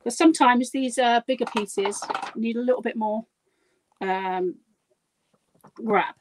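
A woman's voice: fairly high pitch, slow pace, a little mellow, slight background noise, rough recording. A woman guiding a live craft demonstration, chatty, giggly and poking fun at herself as she works. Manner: chatty, giggly and self-deprecating. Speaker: guest crafter demonstrating a project.

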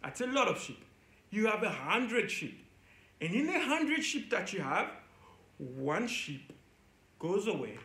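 Guy leading a kids church lesson, super high voice, roomy echo, coaxing and playful. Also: sing-song, a little slow, vocal fry, pauses often, sharp tone. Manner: playful, coaxing, speaks straight to the children. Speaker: children's church teacher. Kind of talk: lively lesson for young kids.

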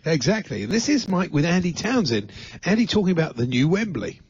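A man's voice: a little high, big pitch swings, fairly quick, breathy edge, no echo. A man co-hosting a radio show, chatting casually and laughing easily. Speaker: radio co-host. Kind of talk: casual chat. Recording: dry, dull lo-fi radio recording.

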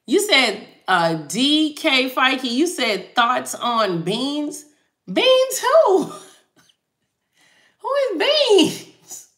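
A woman's voice: fairly high pitch, pushed and bright, reverberant. A woman tarot reader hosting a live stream, chatting casually with viewers and reading out their comments, laughing easily.

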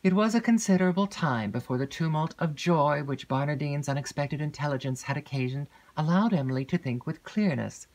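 A woman narrating a classic gothic novel in a measured, even audiobook reading. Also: low-pitched. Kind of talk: scripted narration.

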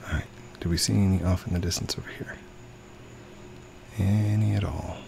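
A man's voice: low-pitched, steady tone, moderate pace, creaky, dark tone, a little hiss or hum. A young man giving playful live commentary while playing a game, talking to the other players and his own character. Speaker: gaming video host.

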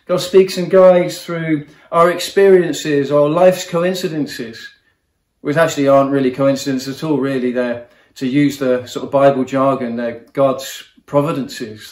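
A man gives an earnest sermon in a warm, personal manner. His voice sits at a middle pitch, and the recording carries a noticeable room echo around him. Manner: earnest, personal, repeats words while speaking. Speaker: guest preacher.

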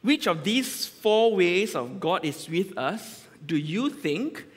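Malaysian English male lay preacher, chatty and self-interrupting, slightly raised pitch, recorded with reverb in a church hall. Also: very animated, takes it slowly, slightly rough. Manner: chatty, joking, full of restarts. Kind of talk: casual conversational sermon.

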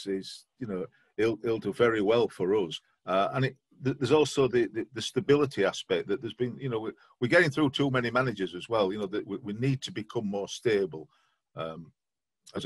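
A man chats through his club's week on a fan podcast. His voice is husky and sits in a dry, close space. He keeps a dry, self-mocking humour running. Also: fairly low pitch, no echo. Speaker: podcast co-host. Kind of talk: casual football podcast chat.

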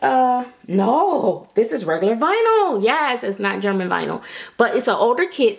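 A woman reviewing doll kits in a casual vlog, gushing with frequent excited exclamations and using Southern vernacular like "y'all". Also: fairly high pitch. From United States.

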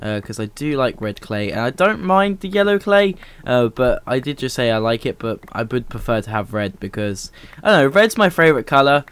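A man's voice: mid-range voice, sing-song, brisk, a bit bright, clear, resonant tone. A young man giving casual, rambling let's-play commentary as host of a gaming channel, full of "uh" fillers and upbeat remarks.

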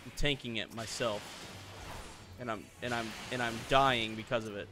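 A young man hosting a let's play, chatting casually and joking, then bursting into loud shouts. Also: mid-range voice, steady tone, normal speed, music in the background. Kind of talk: casual gaming chat.

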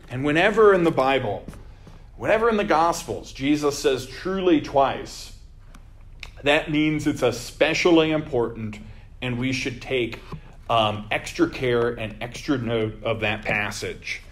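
A man's voice: a little high, animated, measured pace, a bit bright. A man leading a Bible study as vicar, teaching earnestly with emphatic repeated phrases.

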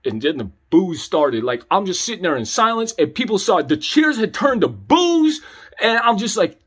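A man's voice: high voice, big pitch swings, a little fast, fairly bright tone, slightly rough. A young man telling a comedic story in a laid-back, slangy way, calling the listener homie and dog.

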